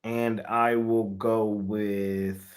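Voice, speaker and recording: A man with a lowish voice talks sports picks at an unhurried pace. His banter is loose and slangy, the tone of a casual betting show. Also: flat delivery. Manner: slangy, laid-back banter.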